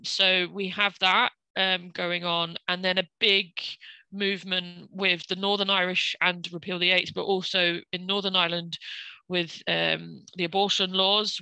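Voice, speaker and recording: Bright, gravelly-voiced woman telling stories. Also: on the low side, no echo, poor audio. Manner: chatty anecdotal storytelling, acting out quotes. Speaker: Irish community centre staff member. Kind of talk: panel conversation.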